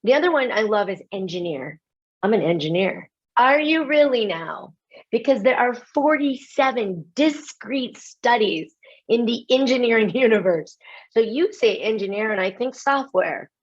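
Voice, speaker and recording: Speaking as a webinar keynote, this woman from the United States is animated and self-mocking, dropping in fast asides and laughs. She has a fairly high, slightly breathy voice, and the audio sounds dull.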